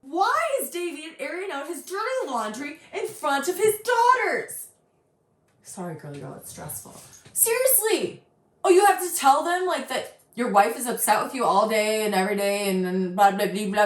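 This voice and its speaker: A woman in her thirties talks through a reaction video, blunt and sarcastic, swearing freely. Her pitch swings widely as she reacts. The room gives her voice a noticeable echo. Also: very animated, normal speed. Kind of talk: casual reaction commentary.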